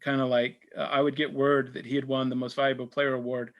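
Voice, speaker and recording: A middle-aged sportswriter talking casually to a church supper group, telling anecdotes with many fillers and restarts. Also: male voice, medium pitch, level tone, brisk, dull audio. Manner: rambling, full of fillers and restarts; tells anecdotes, acts out quoted exchanges. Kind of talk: casual talk and Q&A.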